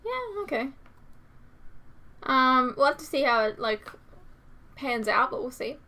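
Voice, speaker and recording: Chatty young woman with a bright voice. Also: high-pitched, very animated, unhurried. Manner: chatty, many fillers and asides. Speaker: reaction channel host. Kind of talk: casual chat reading viewer comments.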